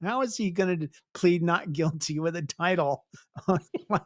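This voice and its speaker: A man's voice: a little high, normal speed, no room sound, studio quality. A man hosting a podcast, chatty and teasing in casual comedic talk. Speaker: podcast host.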